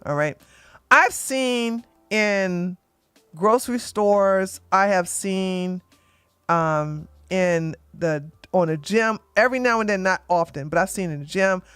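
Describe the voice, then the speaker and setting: A woman hosting an opinionated commentary show, talking bluntly and emphatically, often tagging points with "okay?" and getting loud when she acts out arguments. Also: mid-range voice, slow pace, clear, resonant tone, no echo. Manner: gets loud and animated when acting out arguments. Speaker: commentary channel host.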